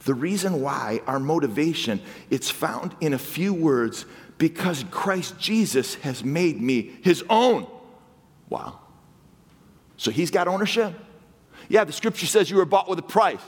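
A man preaching a sermon as a guest pastor, shifting between loud, emphatic lines and low, intimate asides. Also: animated, measured pace, husky. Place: church sanctuary. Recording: long hall reverb.

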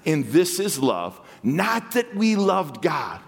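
Man, guest pastor, dynamic sermon, high voice, echoing church hall. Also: big pitch swings, takes it slowly, vocal fry, husky. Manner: dynamic preaching, swings from loud emphatic to low intimate. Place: church sanctuary. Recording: long hall reverb.

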